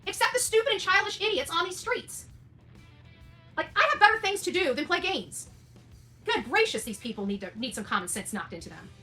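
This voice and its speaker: A woman in her forties talks on a livestream in a high, bright voice that swings widely in pitch. She sounds loud, emphatic and combative, and faint music plays under her. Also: lively intonation, a little fast. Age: 40s. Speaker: online streamer. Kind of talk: indignant livestream rant.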